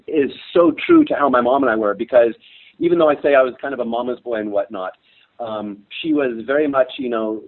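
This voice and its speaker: A middle-aged man talking in an emotional interview, hesitant and full of restarts, sometimes choked up. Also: medium pitch. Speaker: interview guest. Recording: tinny phone line.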